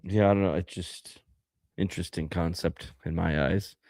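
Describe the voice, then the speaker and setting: A man's voice: low-pitched, steady tone, moderate pace, darkish tone, no echo, clean studio sound. A man co-hosting a casual podcast, ranting and rambling with lots of fillers and laughter. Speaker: podcast co-host.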